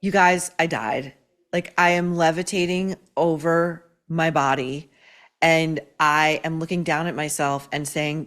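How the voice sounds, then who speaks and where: A woman's voice: low voice, fairly even intonation, a little slow, fairly bright tone. A woman hosting a commentary show, scathing and sarcastic as she tears into her subject. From United States. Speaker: host. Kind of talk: opinionated commentary.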